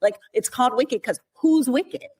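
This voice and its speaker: A woman's voice: high-pitched, moderate pace, a little mellow, husky. A woman co-hosting a casual entertainment podcast, agreeable and reflective in conversation. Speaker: podcast co-host. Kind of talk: casual chat.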